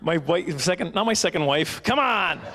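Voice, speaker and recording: A man in his forties doing live stand-up, his voice sitting a little higher than most men's. He rambles and chuckles his way through self-deprecating tangents. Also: gravelly, fairly bright tone, a little hiss or hum. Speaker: stand-up comedian. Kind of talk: stand-up comedy. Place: live banquet stage.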